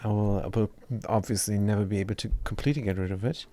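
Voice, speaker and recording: A man's voice: fairly low pitch, quick pace, mellow. A young man with a non-native English accent, chatting casually while playing a game, rambling and stumbling over his words. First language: not English. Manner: rambling, self-deprecating, stumbles and restarts words. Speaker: gaming streamer. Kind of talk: casual gameplay commentary.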